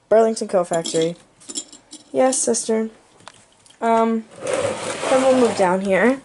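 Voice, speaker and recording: A woman's voice: on the high side, takes it slowly, long pauses, a little mellow, a little hiss or hum. A young woman giving a goofy, playful tour of her bedroom for her channel, tossing in jokey asides. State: out of breath. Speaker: vlogger. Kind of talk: casual room tour.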